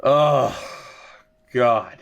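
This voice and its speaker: Sarcastic, fed-up young gaming commentator. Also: male voice, medium pitch, very slow, gravelly, muffled recording. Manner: exasperated, sarcastic, rambling. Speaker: gaming video creator. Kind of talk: let's-play commentary.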